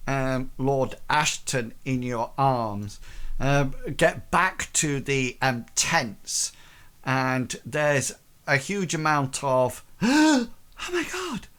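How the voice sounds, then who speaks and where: A game master narrates a tabletop game at a middle pitch. The narration is hesitant and full of fillers. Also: drawn-out words, fairly bright tone, smooth.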